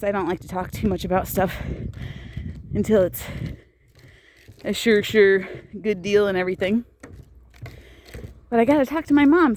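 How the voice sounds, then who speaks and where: A woman's voice: medium pitch, a little mellow, slight background noise. A woman casually telling a personal story to camera while walking outdoors on an icy path, chatty and laughing often between phrases. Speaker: vlogger.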